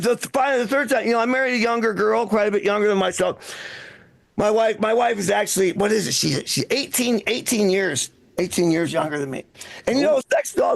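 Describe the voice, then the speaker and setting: An older man in his sixties with a strikingly high, gravelly voice works a comedy club stage as the night's emcee. He rambles through self-mocking bits, stumbling and restarting as he goes. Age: 60s. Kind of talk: live stand-up comedy set.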